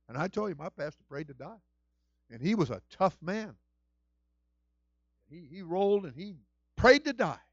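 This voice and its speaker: A middle-aged male pastor preaching a sermon with passion, moving between hushed storytelling and shouted exclamations. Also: high-pitched, lively intonation, a little slow, long pauses, no room sound, lo-fi sound. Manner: exclaims "whew" and "woo".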